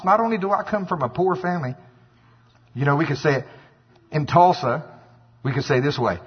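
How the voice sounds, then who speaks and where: A man preaching a sermon, animated and acting out scripture voices, with a husky voice. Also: fairly high pitch, moderate pace, long pauses. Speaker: pastor. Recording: dull lo-fi with long hall reverb.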